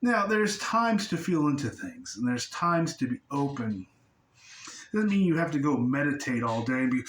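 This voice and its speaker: In a medium-pitched, sing-song voice at a moderate pace, a spiritual teacher chats through a casual talk, laughing frequently and swearing freely while he explains. The recording sounds roomy and distant.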